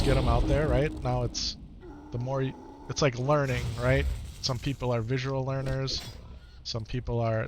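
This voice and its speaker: A middle-aged man streaming live, talking casually and earnestly to his viewers, often repeating phrases for emphasis. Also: medium pitch.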